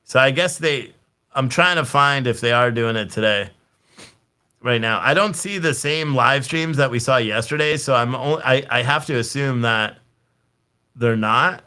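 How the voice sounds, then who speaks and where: Male live-stream host, mid-pitched voice, loose, rambling, self-amused commentary with lots of restarts. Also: unhurried, bright, forceful tone, clean tone. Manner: rambling, thinking aloud, restarts mid-sentence; jokey, laughs at his own jokes. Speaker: livestream host.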